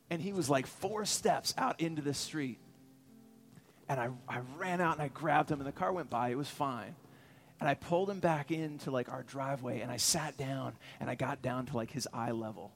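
High-voiced man preaching with earnest animation. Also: normal speed. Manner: earnest and animated, calls out to the congregation. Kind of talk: sermon with a personal story. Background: faint music.

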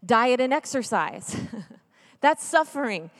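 A woman in her thirties with a fairly high voice shares a heartfelt story of faith with an audience. Her voice carries a long reverb that fills a large hall. At emotional moments she drops nearly to a whisper. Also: big pitch swings, takes it slowly. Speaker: Catholic speaker. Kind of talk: personal testimony talk.

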